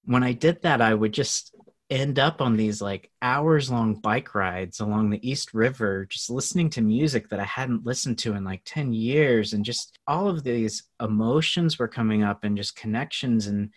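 A man telling a personal story as a guest in a casual interview, animated, often laughing and acting out what others said. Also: medium pitch, normal speed. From United States.

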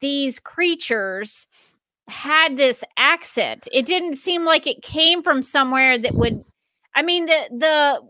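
A woman from the southern United States, co-hosting a casual chat and talking haltingly with lots of "uh" fillers. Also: high-pitched, animated, sharp tone, no room sound. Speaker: podcast co-host.

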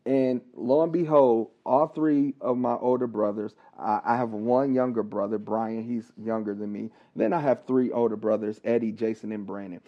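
A man, a licensed counselor, telling a personal story on a podcast, talking haltingly with pauses, restarts and repeated words. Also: lowish voice, fairly even intonation. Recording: dull, slightly lo-fi recording.

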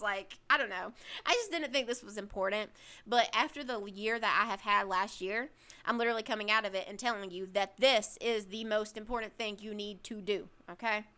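A woman's voice: mid-range voice, bright, forceful tone. A young woman hosting a podcast from a corner of her bedroom, giving emphatic, chatty advice with self-deprecating asides. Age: young adult. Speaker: podcast host. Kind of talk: casual advice monologue.

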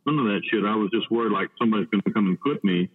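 A man from the United States telling a story in blunt, profane talk, halting with many restarts. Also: lowish voice, over a noisy crowd. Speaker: podcast guest. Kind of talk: casual storytelling. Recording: tinny phone-like line with long reverb.

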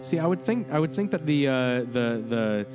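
A man's voice: fairly high pitch, sing-song, moderate pace, music in the background. A man co-hosting a podcast, chatting casually with rambling, joking banter. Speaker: podcast co-host. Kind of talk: casual chat.

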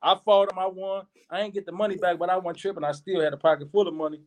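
High-voiced man telling a story. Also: quick pace. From Chicago. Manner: animated, slangy, repeats words while telling a story. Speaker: podcast guest. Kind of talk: casual storytelling.

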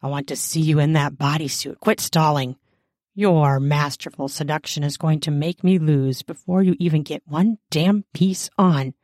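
A woman voicing a bossy, bookish woman professor in an audiobook, talking low and dry. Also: fairly even intonation, normal speed, a little mellow, dry recording, close to an everyday voice. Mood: teasing. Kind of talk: audiobook character voice.

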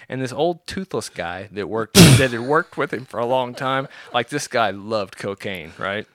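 A profane man with a bright voice. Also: mid-range voice, moderate pace, few pauses, dry recording, studio quality. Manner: profane, animated storyteller. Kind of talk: casual storytelling.

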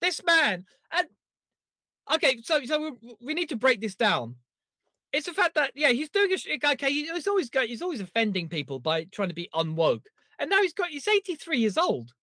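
A man co-hosting a podcast in casual chat, animated, jokey and self-mocking. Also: very high-pitched, moderate pace, no echo, studio quality. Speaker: podcast co-host.

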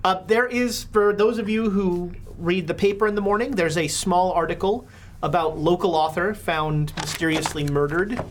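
A woman narrating as game master of a tabletop game, relaxed and hesitant, with many fillers. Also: on the low side, normal speed, slight background noise.

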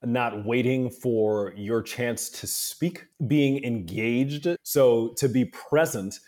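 A man speaks in a casual interview at a middle pitch. He is an animated storyteller and keeps slipping into other people's voices to act out what they said. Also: slow. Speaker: guest.

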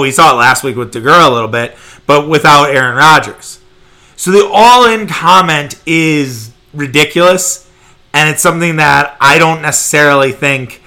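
Bright, emphatic male sports podcaster. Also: on the high side. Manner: emphatic, opinionated, swears freely. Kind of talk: casual sports commentary.

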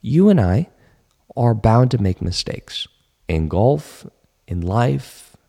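A man coaching golfers in an online teaching talk, asking his listeners questions and slowly repeating key phrases. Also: mid-range voice, very animated, gravelly, warm tone, slightly rough.

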